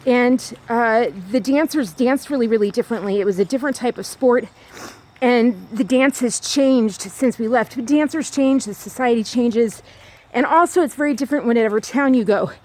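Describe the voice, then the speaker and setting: High-pitched lady rambling and repeating herself, walking outdoors with her phone. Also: darkish tone. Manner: rambling, repetitive, fast-talking. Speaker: vlogger. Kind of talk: rambling walk-and-talk vlog. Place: outdoors on a hillside trail.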